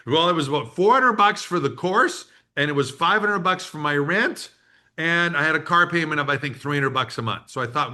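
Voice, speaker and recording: A man in his sixties giving a business workshop, telling a story in an animated way and acting out the quotes. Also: a little high, normal speed. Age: 60s. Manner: animated storyteller who acts out quotes and laughs. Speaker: workshop presenter.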